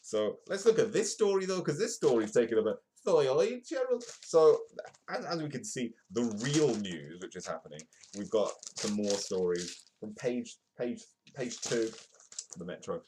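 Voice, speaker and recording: A man's voice: mid-range voice, very animated, moderate pace, a little mellow, a little hiss or hum. A man hosting a comedic live news show, reading newspaper stories aloud and breaking off for jokey asides. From United Kingdom. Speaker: host.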